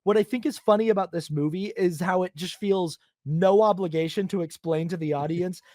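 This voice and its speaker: Brief: male podcast host, higher register, dry close sound, lively and jokey, quotes characters in put-on voices. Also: brisk, no echo. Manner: animated, acts out characters in silly quoted voices. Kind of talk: casual film podcast chat.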